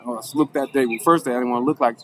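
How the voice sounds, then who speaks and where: Man, mid-pitched, conversational storyteller who circles back and restarts a lot, faint background hiss. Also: fairly even intonation, very fast, fairly bright tone. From Alabama, USA. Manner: rambling, with restarts, acting out quoted people in a raised voice. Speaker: former defendant telling his story. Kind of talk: casual spoken storytelling.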